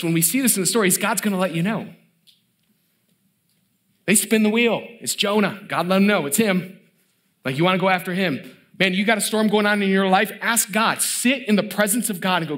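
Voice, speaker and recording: A middle-aged preacher's high, brisk voice fills the church as he gives his sermon. Lively impressions bring the story's characters to life, and he turns hushed and tender to underline mercy.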